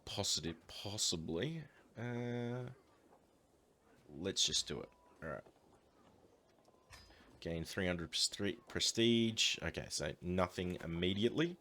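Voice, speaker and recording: A man's voice: low-pitched, expressive, slow, pauses often, a bit bright, a little hiss or hum. A man giving casual, upbeat commentary as he plays a strategy game and thinks aloud. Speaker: let's play host.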